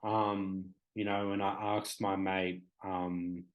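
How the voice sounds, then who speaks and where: A man's voice: sits low, flat delivery, slow, phone-quality sound. A young Australian man, a guest on a talk show, telling a story in a rambling, emotional way, full of "like" and "you know". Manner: emotional, acts out quoted exchanges. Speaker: guest, hip hop artist. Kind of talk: casual storytelling in an interview.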